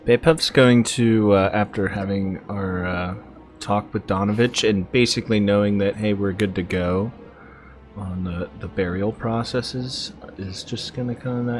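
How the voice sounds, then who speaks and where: Halting low-voiced tabletop player. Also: male voice, steady tone, faint music behind. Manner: halting, with many fillers. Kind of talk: playing a character in a tabletop game.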